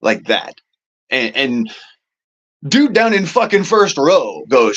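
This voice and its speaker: A man's voice: mid-range voice, sing-song, takes it slowly, long pauses, a bit bright, dull audio. Guy swearing his way through a rant, voice jumping up and down a lot, half laughing at himself. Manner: profane, exasperated, laughs at himself. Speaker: show host. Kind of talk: casual ranting monologue.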